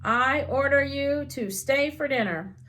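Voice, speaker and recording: A woman's voice: high voice, a little slow, sharp tone, voice pushed up. A woman voicing a bossy, cheeky young girl in a storybook reading.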